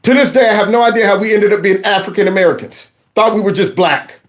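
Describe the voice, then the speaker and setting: A man's voice: high-pitched, fast talker, slight background noise. A man hosting a reaction commentary channel, mocking and sarcastic with laughing asides.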